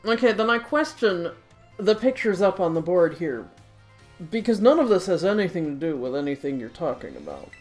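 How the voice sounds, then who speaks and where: A woman's voice: lowish voice, big pitch swings, moderate pace, a little mellow, faint music behind. A woman giving sarcastic, wry let's play commentary while reading in-game dialogue.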